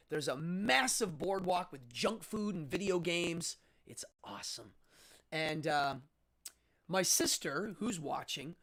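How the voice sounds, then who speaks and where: A middle-aged man from Pennsylvania hosting a livestream, casually telling a childhood story and acting out voices. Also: sits high. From Altoona, Pennsylvania. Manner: animated, acts out other people's voices in quotes. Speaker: host.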